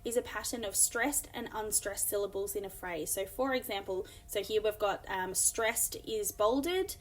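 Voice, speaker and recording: Woman teacher, mid-pitched, explanatory, filler-heavy lesson delivery. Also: normal speed. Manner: explanatory, many fillers, reads examples aloud. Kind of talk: recorded classroom lesson.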